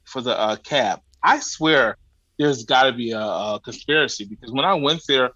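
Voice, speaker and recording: With a medium-pitched voice at a moderate pace, a man guests on a podcast and spins a comic travel anecdote, loose and colloquial with casual swearing. He animatedly plays out his exasperated dealings with people. There's no room sound, and the highs are cut off.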